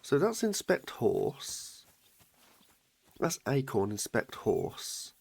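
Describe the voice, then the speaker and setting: A man streaming a video game live, commenting in a playful, excitable way and swearing freely. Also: medium pitch, very slow, gravelly, slightly rough, no echo.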